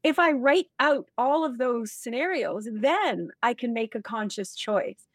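A woman speaking as a leadership expert in an interview, energetic and acting out example dialogue as she explains. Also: fairly high pitch, a little slow, dry recording. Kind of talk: animated interview talk.

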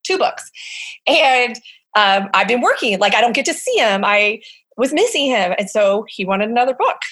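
Animated, chatty middle-aged woman. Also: a little high, normal speed. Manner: animated storyteller, acts out quoted voices, frequent fillers. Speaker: guest, summer camp director. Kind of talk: casual conversational interview.

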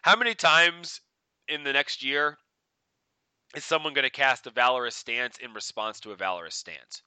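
Bright, clear-voiced man chatting on a podcast. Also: medium pitch, normal speed, dry recording. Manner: rambling, laughing storyteller with many fillers. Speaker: podcast co-host. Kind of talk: casual podcast chat.

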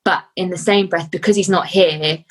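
A young woman talks as a podcast guest in a slightly low voice. She speaks earnestly and from the heart, stopping often with soft fillers as she finds her words. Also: fairly even intonation, moderate pace, breathy edge, low-quality recording. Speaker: podcast guest, fitness athlete. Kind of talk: casual interview chat.

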